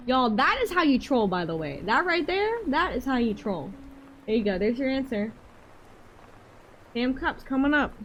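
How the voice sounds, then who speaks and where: Brief: Southern woman streamer from Georgia, chatty and playful, bright high voice swinging all over. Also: big pitch swings, normal speed, lo-fi sound, a little hiss or hum. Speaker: livestreamer. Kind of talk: casual livestream chat, tarot readings.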